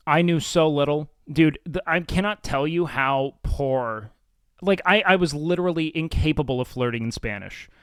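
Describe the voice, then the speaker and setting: A man's voice: on the high side, moderate pace, clear, resonant tone, no echo, studio quality. A man hosting a livestream, chatting casually and reading chat in a blunt, profane, self-mocking way. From Mexican and Salvadoran heritage. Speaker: livestream host.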